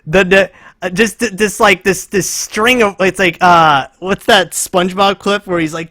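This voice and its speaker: A man's voice: high voice, unhurried, pushed and bright. A man doing reaction commentary, profane and rambling, laughing and restarting often as he mocks what he watches.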